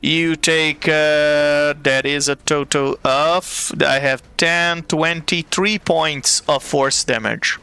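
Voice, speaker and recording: A man running a tabletop game as game master, narrating at an easy pace with frequent pauses to think. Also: fairly high pitch, steady tone, sharp tone, clear, resonant tone. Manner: unhurried, with many fillers and restarts.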